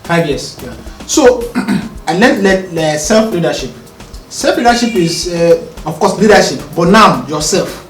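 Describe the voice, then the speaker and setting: High-voiced man talking earnestly. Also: unhurried. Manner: calm, earnest, explaining with rhetorical checks. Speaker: podcast co-host and husband. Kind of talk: casual conversation. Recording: roomy, distant mic, faint music.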